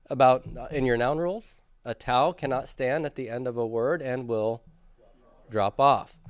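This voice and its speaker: A man's voice: medium pitch, brisk, dry recording, clean studio sound. A man teaching a classroom grammar lecture, patiently drilling students through forms and asking them to repeat after him. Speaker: Greek teacher.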